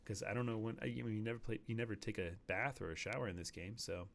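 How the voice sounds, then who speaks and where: A man's voice: fairly low pitch, fast talker, vocal fry, slight background noise. A man streaming a hunting game, rambling casually and dropping to a near whisper while sneaking up on animals. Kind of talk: casual gameplay commentary.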